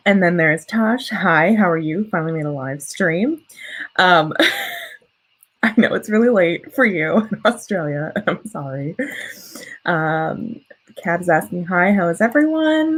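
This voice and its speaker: A young woman from the US, student writer and livestream host, chats unhurriedly with viewers and reads their comments, rambling and self-correcting. Her lowish voice is husky and expressive, and the recording is low quality.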